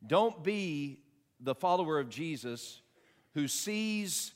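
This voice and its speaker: Preacher guy giving a sermon, kinda high voice, goes from hushed to loud and pushy, reads verses slow. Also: expressive. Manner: swings from hushed asides to loud, emphatic preaching; reads scripture aloud with slow, stressed delivery. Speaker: pastor.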